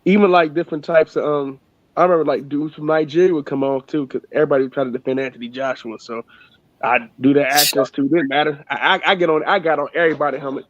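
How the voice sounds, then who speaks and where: A man co-hosting a loose chat podcast, bragging and cursing as he tells stories. His voice sits fairly high. The recording is lo-fi and muffled, with no room echo. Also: steady tone, quick pace. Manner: boastful storytelling, profane. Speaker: podcast co-host. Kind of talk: casual chat. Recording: dull lo-fi dry sound.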